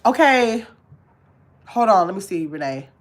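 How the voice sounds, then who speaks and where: A woman hosting a casual livestream, chatting to her viewers and dropping to a low mumble while she searches her phone. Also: sing-song, unhurried. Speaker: livestream host.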